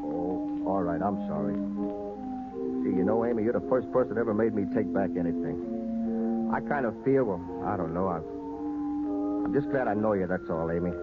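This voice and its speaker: Actor as a brash lovesick young fella, lowish voice, folksy slang, tinny radio. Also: male voice, a little fast, long pauses, close to an everyday voice. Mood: subdued. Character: brash lovesick small-town young man. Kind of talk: 1940s radio acting. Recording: tinny old radio broadcast with music.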